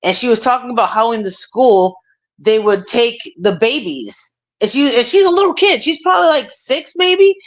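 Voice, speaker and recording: A somewhat high-voiced woman hosting a casual stream chat. She tells stories with energy and leans on fillers and repeated words as she goes. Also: normal speed. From United States. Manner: animated storytelling with many fillers. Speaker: stream host.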